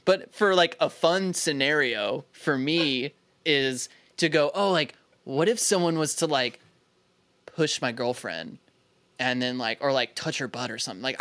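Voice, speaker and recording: A young man from Philadelphia, a podcast co-host, telling stories in animated, casual chat, laughing often and swearing freely. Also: on the high side, no room sound.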